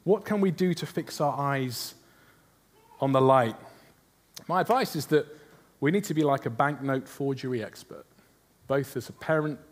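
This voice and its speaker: A man's voice: mid-range voice, normal speed. Earnest man preaching. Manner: earnest, asks the congregation rhetorical questions. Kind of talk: sermon.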